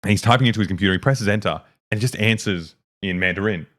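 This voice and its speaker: Young male streamer, low-pitched, talks quick, rambling and profane, casual chat. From Serbia. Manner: fast, rambling, swearing, animated anecdotes.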